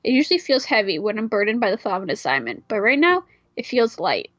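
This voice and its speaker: A woman reading a visual novel aloud and chatting, animated and joking, swearing often. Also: medium pitch, quick pace, dry recording. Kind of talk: casual let's play chat and reading. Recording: dry, slightly muffled mic.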